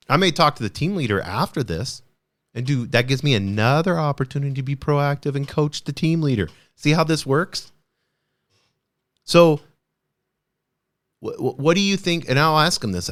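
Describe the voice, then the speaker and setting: A man's voice: mid-range voice, lively intonation, normal speed, fairly bright tone. A man hosting a podcast, talking casually about coaching at work in a loose, conversational way, often hedging with "kind of" and restarting his sentences. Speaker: podcast host on leadership. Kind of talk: casual solo podcast talk.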